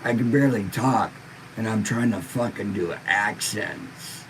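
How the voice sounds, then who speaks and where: A man's voice: fairly low pitch, a little slow, noisy background. A laid-back man hosting a live-stream podcast, stoned and in pain, reading viewer comments in a rambling, profane way. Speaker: livestream podcast host.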